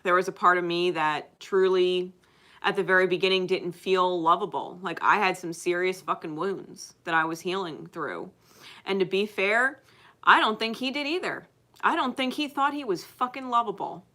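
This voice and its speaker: Woman reader talking straight to camera, loose and profane, laughs a lot, bright voice. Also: mid-range voice, fast talker. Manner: emphatic, swears constantly, laughs often. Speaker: spiritual card reader. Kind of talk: casual unscripted monologue to viewers.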